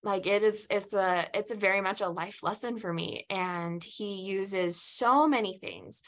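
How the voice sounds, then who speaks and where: A woman who grew up in Southeast Asia, telling a personal faith story as a podcast guest in an earnest, reflective way with halting restarts. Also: medium pitch.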